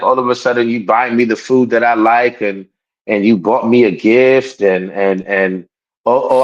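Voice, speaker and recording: A man's voice: mid-range voice, muffled recording. A man co-hosting a podcast in casual chat, talking emphatically, repeating himself and restarting his sentences. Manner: acts out quoted people in raised voices. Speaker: podcast co-host.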